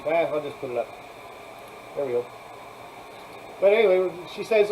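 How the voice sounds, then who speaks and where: A man's voice: fairly high pitch, moderate pace, pauses often, a little mellow, a little hiss or hum, rough recording. A man hosting a casual live chat, rambling, laughing often and thanking viewers as he talks. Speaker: live stream host.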